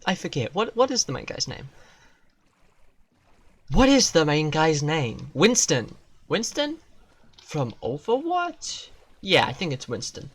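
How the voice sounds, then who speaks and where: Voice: mid-range voice, expressive, unhurried, long pauses, breathy edge. A streamer chatting casually while playing a game, ranting with heavy swearing and self-mocking asides. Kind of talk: casual gaming-stream rant.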